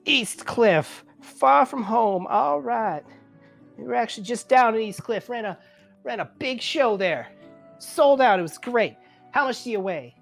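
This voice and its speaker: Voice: medium pitch, animated, measured pace, creaky, soft background music, pitched above the performer's own voice. A game master voicing a chummy male wrestling promoter who talks in salesman patter. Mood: hustling. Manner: chummy salesman patter, calls people friend. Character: folksy male wrestling promoter, fast-talking boss.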